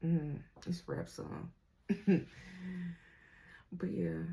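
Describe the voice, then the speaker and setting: Slow, gravelly woman reading tarot. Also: fairly low pitch, darkish tone. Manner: slangy and playful, laughs often; talks straight to the viewer. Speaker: tarot reader.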